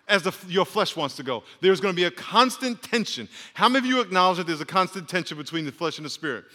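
A man's voice: sits high, sing-song, fast talker, hardly any pauses, pushed and bright, big-room sound. A man, a pastor, preaching a sermon with call-and-response and joking asides. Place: church sanctuary.

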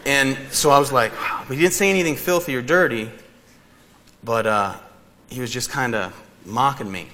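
Bright-voiced pastor in a reverberant hall. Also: male voice, medium pitch, moderate pace, a little hiss or hum. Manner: animated, laughs through his story. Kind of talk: sermon with personal storytelling. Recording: reverberant hall, faint ambience.

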